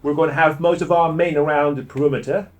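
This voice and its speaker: A man's voice: fairly high pitch, fairly even intonation, quick pace, highs cut off, close to an everyday voice. A man voicing a brash male survivor-camp leader who barks orders and swears. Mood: commanding. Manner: loud, commanding, swearing.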